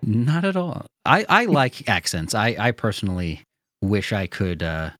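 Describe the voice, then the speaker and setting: A man's voice: fairly low pitch, animated, unhurried, a bit bright, no echo. An American man hosting a podcast, chatting in an easygoing, enthusiastic way into a studio microphone. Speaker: podcast host. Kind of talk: casual podcast chat.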